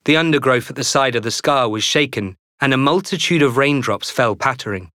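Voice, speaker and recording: Man reading a book out loud, bouncy lively pitch, super dry close sound. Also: fairly quick, dry recording. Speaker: audiobook narrator. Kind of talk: scripted narration.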